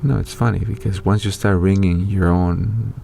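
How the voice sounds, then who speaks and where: A man's voice: deep voice, steady tone, moderate pace, creaky, warm tone, slight background noise. A middle-aged man hosting his own show, talking in a loose, rambling monologue full of fillers and restarts. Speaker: online show host. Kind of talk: casual spoken monologue.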